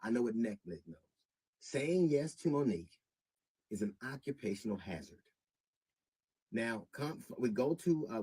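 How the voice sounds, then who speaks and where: Indignant middle-aged man, husky and dry. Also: fairly low pitch, a little mellow, no echo, low-quality recording. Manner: measured, growing indignant; halting restarts. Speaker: comedian. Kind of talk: public statement.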